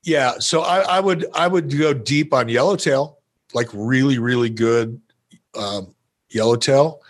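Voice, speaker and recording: A man's voice: medium pitch, unhurried. Profane, playful male storyteller. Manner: profane, playful, self-amused. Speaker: podcast guest. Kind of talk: casual storytelling.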